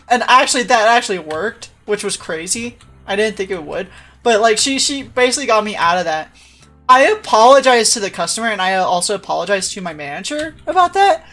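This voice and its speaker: A woman's voice: mid-range voice, expressive, normal speed, a bit bright, faint music behind. A woman livestreamer telling a story in casual chat, laughing often and acting out the voices of the people she quotes.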